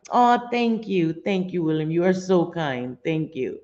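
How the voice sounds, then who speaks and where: A woman's voice: fairly low pitch, very animated, unhurried, few pauses, dark tone. A middle-aged woman hosting a casual live stream, talking in a rambling, blunt, profane way. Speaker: livestream host. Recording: dull lo-fi stream audio.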